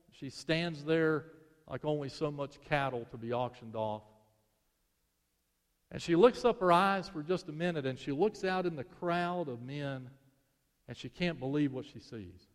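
A male preacher tells a sermon story with dramatic swells and hushed drops. His voice sits high for a man. Every phrase rings out in the long reverb of a large hall or church. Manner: dramatic, swelling then dropping to a hush.

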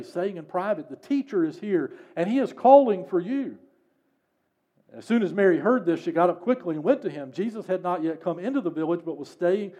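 A male pastor preaching a sermon and reading scripture aloud, pressing key words with emphasis, then letting the ends of his lines fall soft and low.

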